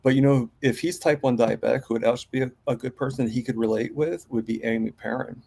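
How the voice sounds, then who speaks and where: A man's voice: medium pitch, steady tone, fairly quick, vocal fry, dark tone. A man as an interview guest in a casual live-stream chat, rambling with many fillers and restarts.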